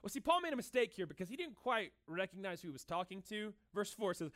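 A male pastor preaching a sermon in a lively, conversational, joking manner, in a room with an audience. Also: high voice, fast, hardly any pauses. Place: room with cameras and a listening crowd.

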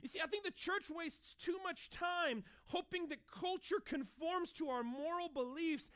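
A man in his thirties preaching a sermon in a conversational, animated way, acting out short dialogues as he goes. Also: very high voice, measured pace. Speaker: pastor.

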